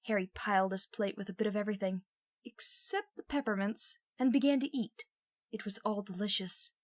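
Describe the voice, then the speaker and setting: Woman reader, steady expressive storyteller, dry mic. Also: medium pitch, normal speed, dry recording. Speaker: audiobook reader. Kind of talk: reading a novel aloud.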